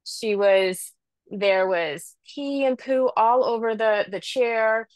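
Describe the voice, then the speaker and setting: A woman's voice: a little high, takes it slowly, no echo. A middle-aged woman on a video call, telling a rambling, self-deprecating story about caring for her mother. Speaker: caregiver sharing in a support group. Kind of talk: candid personal story in a video call group.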